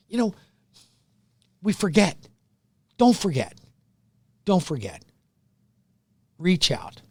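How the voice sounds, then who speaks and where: A middle-aged man hosting a radio show, loud and pushy, joking at his own expense and going a bit hoarse from yelling. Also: fairly high pitch, no room sound. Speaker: radio show host, mortgage lender. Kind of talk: energetic radio sales pitch. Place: radio studio.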